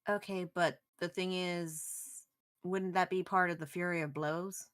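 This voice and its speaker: A woman's voice: on the low side, steady tone, measured pace, a bit bright. A woman playing in a tabletop game, asking hesitant questions about the rules. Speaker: player.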